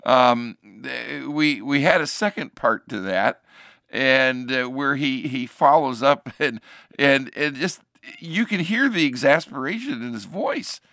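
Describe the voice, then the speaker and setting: A man's voice: medium pitch, vocal fry, no room sound, clean studio sound. A man hosting a show, casually commenting on a clip he has just played, stumbling and restarting as he talks. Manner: animated, halting, restarts often. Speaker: commentary host.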